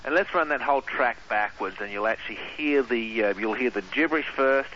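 An Australian man, a radio guest, eagerly explaining in a casual interview with many filler pauses. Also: mid-range voice, pushed and bright. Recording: dull lo-fi radio line, faint hiss.

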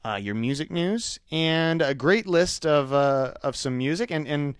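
A man's voice: fairly high pitch, expressive, unhurried, clean tone, no room sound, clean studio sound. A man co-hosting a podcast in casual, crude, joking chat. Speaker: podcast co-host.

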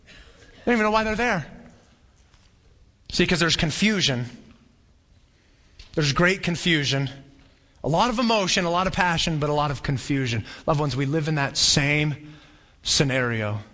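Animated male pastor in a reverberant hall. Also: on the high side, normal speed, long pauses. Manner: animated, acts out crowd voices, conversational asides. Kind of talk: sermon. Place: church hall.

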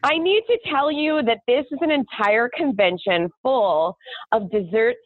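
A woman's voice: on the high side, expressive, husky, no room sound. Chatty woman on a tinny phone line. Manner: chatty, laughs often, quick storytelling. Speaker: guest, owner of a kids baking party business. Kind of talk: casual interview chat. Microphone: phone call.

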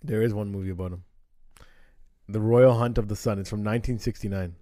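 A man hosting a casual podcast, talking in a relaxed, laid-back way and swearing casually. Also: lowish voice, a little fast, no echo, clean studio sound. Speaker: podcast host presenting the story. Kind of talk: casual chat.

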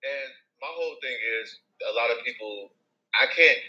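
A man co-hosting a casual sports podcast, excitable and building his arguments with rising emphasis. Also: mid-range voice, normal speed, muffled recording. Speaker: podcast co-host.

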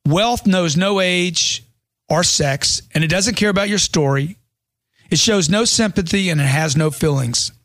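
A man's voice: high-pitched, measured pace, a bit bright, dry recording, studio quality. Man reading a punchy motivational book.

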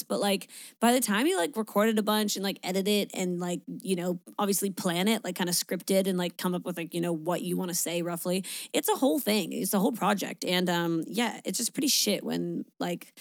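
A woman's voice: lowish voice, no echo. Young woman podcaster just chatting, swears a lot, lots of likes and ums, dry close mic. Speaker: podcast host. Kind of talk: casual solo podcast chat.

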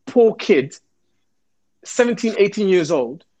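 Ex-cop guy telling a story, animated, does the voices, voice sits a bit high. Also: slow. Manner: animated, acts out the quoted voices. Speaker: former police officer. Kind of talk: storytelling in an interview.

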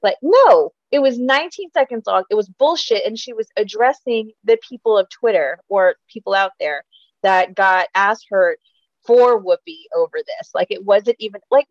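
A woman's voice: on the high side, normal speed, gravelly, no echo, highs cut off. A woman co-hosting a podcast, chatting casually about celebrity gossip with lots of swearing and laughter. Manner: profane, animated, laughs a lot. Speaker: podcast co-host.

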